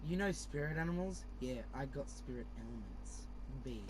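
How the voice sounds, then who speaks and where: Quiet man making dry remarks off-mic. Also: medium pitch, animated, normal speed, noisy background. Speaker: podcast co-host. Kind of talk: casual chat.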